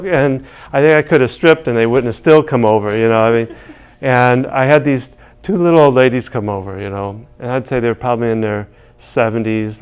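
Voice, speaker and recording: An EFT practitioner with a clean, medium-pitched male voice teaches tapping casually. He tells a long, rambling anecdote full of restarts, asides, and "you know"s.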